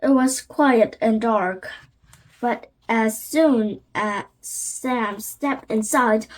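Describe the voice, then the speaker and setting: High-voiced woman reading a storybook slowly. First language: Korean. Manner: careful, halting reading with frequent restarts. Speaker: channel host and reader. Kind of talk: reading a children's chapter book aloud.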